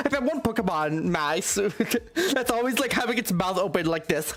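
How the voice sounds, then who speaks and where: A woman streamer with a high-pitched voice, chatting casually and reading a game aloud, giggling often between lines. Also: huge pitch swings, slow pace, pauses often, a bit bright, soft background music.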